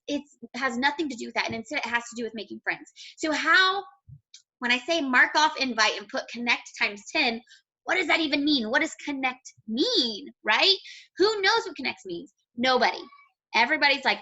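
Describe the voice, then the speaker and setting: High, bright-voiced woman coaching her team. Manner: chatty, blunt, swears casually. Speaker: team leader. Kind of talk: motivational team call.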